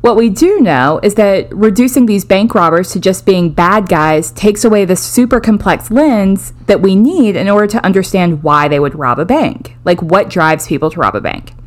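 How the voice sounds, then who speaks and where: A woman co-hosting a podcast, explaining a topic in casual, measured steps with dry jokes. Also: medium pitch, expressive. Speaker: podcast co-host.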